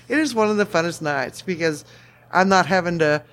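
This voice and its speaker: A relaxed bar regular chats casually, sometimes stumbling over the start of a sentence. The voice sits at a middle pitch. The talk is loose and unhurried. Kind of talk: casual chat.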